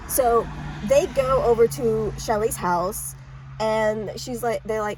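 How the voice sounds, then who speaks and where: A woman talks through a book in an offhand, unpolished way before reading a chapter aloud. She stumbles and restarts often, coughs now and then, and tends to mumble. Her voice sits a touch high, with a faint hiss in the background. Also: darkish tone, poor audio. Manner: halting, with frequent coughs and restarts; mumbly, self-described. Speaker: amateur reader. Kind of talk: casual book summary and read-aloud.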